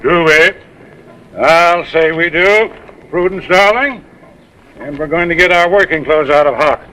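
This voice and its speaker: An actor playing an aging, smooth-talking con man and father in a 1930s film comedy, flowery and stammering with many uhs. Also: a little high, unhurried, sharp tone, slight background noise, poor audio. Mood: jovial.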